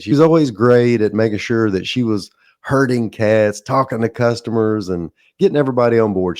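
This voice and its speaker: A man's voice: fairly low pitch, darkish tone, no echo, clean studio sound. A man in his forties hosting a solo podcast, telling business stories in a conversational way with self-deprecating asides. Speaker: podcast host.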